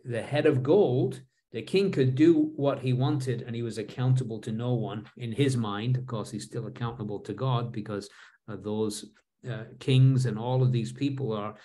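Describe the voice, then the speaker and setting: A man giving a Bible study lesson, reading scripture verses aloud and then explaining them in a relaxed, conversational way with fillers and restarts. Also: medium pitch. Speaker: Bible teacher.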